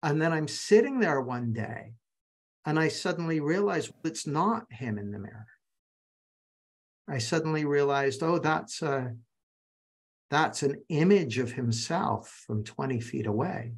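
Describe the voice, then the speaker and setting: A man's voice: a little high, animated, measured pace. A man teaching a live online masterclass, telling anecdotes and speaking directly to his audience over a video call.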